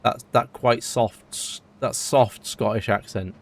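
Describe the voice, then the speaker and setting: A man's voice: medium pitch, fairly even intonation, slow pace. Chatty British man streaming a game. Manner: rambling and chatty, answering viewers. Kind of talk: casual live-stream chat while playing.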